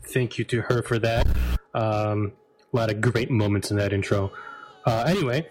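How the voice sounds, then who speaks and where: A man hosting a casual group podcast, easygoing and quick to laugh as he introduces the guests. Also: on the low side, fairly even intonation, darkish tone, faint music behind, rough recording. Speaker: podcast host.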